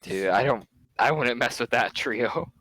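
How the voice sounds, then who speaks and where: A man's voice: medium pitch, animated, measured pace, fairly bright tone, dry recording, rough recording. A young man co-hosting a podcast in casual chat, laid-back, saying "dude" and laughing easily. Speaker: podcast co-host.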